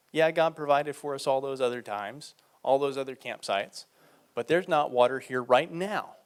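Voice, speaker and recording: A man's voice: medium pitch, gravelly. Man preaching a conversational sermon. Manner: reads scripture aloud and explains it conversationally.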